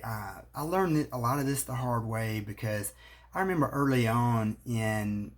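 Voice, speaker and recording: A man, a marriage therapist giving earnest advice straight to the camera. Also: medium pitch. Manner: earnest, coaching, speaks straight to the viewer. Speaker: marriage therapist and relationship coach. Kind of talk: direct-to-camera advice talk.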